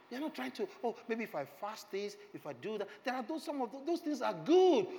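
A middle-aged man preaching a sermon with passion, swinging from soft reflective lines to loud exclamations. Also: on the high side, slight background noise. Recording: long hall reverb, faint ambience.

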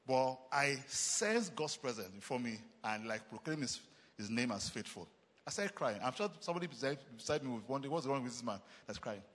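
A Nigerian man preaching with a lively, swinging delivery and a slightly husky tone. His voice sits a bit high and rings out with long reverb, as in a big church hall. He hammers phrases through repetition and slips in short chuckles. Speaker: pastor. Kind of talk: sermon.

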